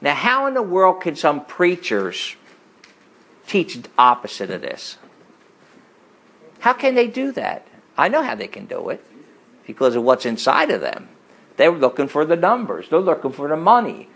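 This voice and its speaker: A middle-aged man preaching a sermon full of personal stories. He talks emphatically, rising to forceful peaks and dropping into low asides. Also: huge pitch swings, unhurried, vocal fry, pauses often, rough recording. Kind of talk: sermon with storytelling.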